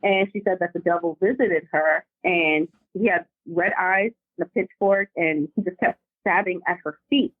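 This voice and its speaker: A woman caller telling family ghost stories in a chatty, animated, slangy way over the phone. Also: on the low side, moderate pace, few pauses, no echo. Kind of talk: casual storytelling over the phone. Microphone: phone call. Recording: dry tinny phone line.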